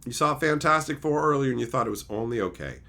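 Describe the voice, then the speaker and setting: Male streamer, middle-aged, loose profane rants to chat, bright forceful voice. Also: medium pitch, fast, creaky. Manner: animated, swears often, mocks logic gaps. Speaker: livestream host reading chat. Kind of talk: casual livestream chat.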